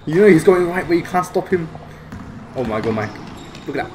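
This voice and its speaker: Excitable young man, noisy background. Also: a little high, brisk, pauses often. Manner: excitable, swears a lot, bursts of shouting. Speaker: vlogger reacting to basketball footage. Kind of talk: casual reaction commentary.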